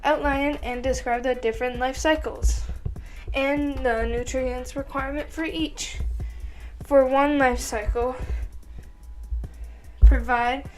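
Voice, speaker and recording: A teenage girl talking through her study notes in a slow, offhand way and swearing casually. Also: high voice, steady tone, a little mellow, soft background music. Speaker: student.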